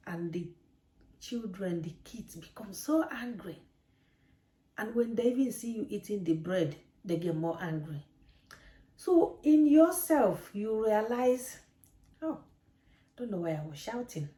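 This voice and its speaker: A mother with a mellow, mid-range voice addresses the camera directly, giving parenting advice in an echoey room. She's earnest and preachy, repeating her points.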